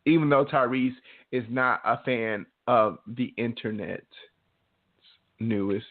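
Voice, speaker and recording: A man co-hosting a casual podcast, bantering in a loose, profane, animated way. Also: medium pitch, takes it slowly. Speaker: podcast co-host. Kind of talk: casual chat. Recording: tinny phone-like line.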